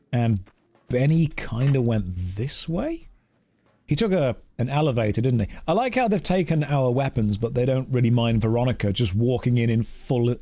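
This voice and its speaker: A man streaming a video game, ranting and chatting animatedly as he plays. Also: medium pitch. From England. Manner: animated, ranting, acts out both sides of chats. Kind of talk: casual gameplay commentary.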